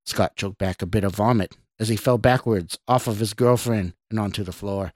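A man, the podcast host, reading his own horror story in a measured, steady way. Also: fairly low pitch, no echo. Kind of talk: scripted horror narration.

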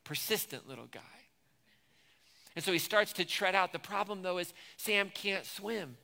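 Bright, gravelly-voiced preacher in a reverberant hall. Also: male voice, high voice, expressive, normal speed. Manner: retells movie scenes, acting out lines with rising intensity. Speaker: pastor. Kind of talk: sermon.

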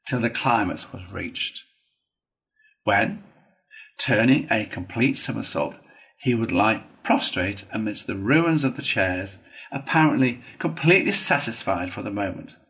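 A man narrating a classic children's storybook in a measured, even storytelling manner. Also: fairly low pitch, creaky, rough recording. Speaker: reader.

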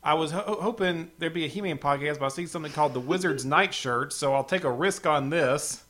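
A man's voice: a little high, fairly quick, fairly bright tone. A man co-hosting a podcast, laughing often and talking in a self-deprecating way. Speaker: podcast co-host. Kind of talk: casual chat.

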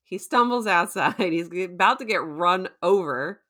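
A woman's voice: fairly low pitch, expressive, unhurried, sharp tone. A woman hosting a casual podcast, chatty and laughing often as she recaps a show and acts out quotes. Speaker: podcast host.

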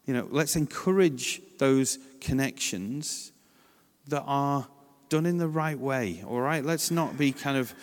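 A man from England giving a chatty, story-driven church talk, acting out the voices in his anecdotes and adding lively asides. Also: medium pitch, measured pace, in a large hall.

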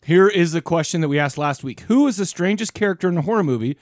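A man in his thirties co-hosts a casual podcast, rambling and restarting his sentences. His voice sits a bit high and the sound is dry and close, with no room around it. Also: lively intonation, fast, no echo. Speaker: podcast co-host. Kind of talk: casual chat.

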